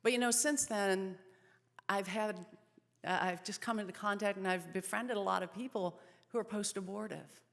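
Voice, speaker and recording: A woman's voice: medium pitch, normal speed, vocal fry. A woman in her thirties giving an earnest personal testimony as a speaker at a pregnancy center event. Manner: earnest storytelling, softening in sad moments. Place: event hall. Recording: long reverb of a hall.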